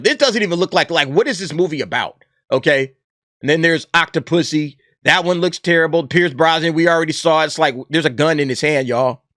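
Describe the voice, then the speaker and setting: A fed-up man riffs through casual reaction commentary, mocking what he reads aloud. His voice sits a little high and sounds bright and forward. The recording is close and dry, with no room sound around him. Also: no echo. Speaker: YouTube commentator.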